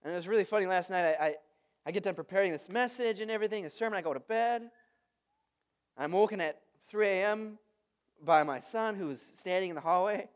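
Man, pastor, high-pitched, conversational sermon, casual asides. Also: a little fast. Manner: conversational, storytelling with lively asides.

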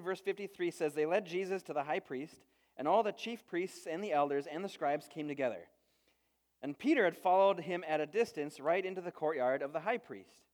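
A man in his thirties, a pastor preaching a sermon and telling stories with lively quoted voices. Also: high-pitched. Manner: storytelling, animated quoted voices.

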